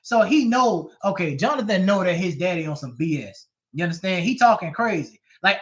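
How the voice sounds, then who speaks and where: A male bible teacher reads verses aloud and explains them in loose, animated everyday talk. He keeps checking with his listeners, asking if they understand. His voice is high-pitched, and the recording sounds dull and lo-fi. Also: normal speed, hardly any pauses.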